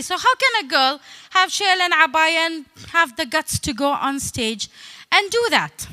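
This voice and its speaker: A woman's voice: high-pitched, bright, forceful tone. A woman from the Emirates, giving a humorous stage talk as a comedian and storyteller in a playful, teasing, conversational way. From United Arab Emirates.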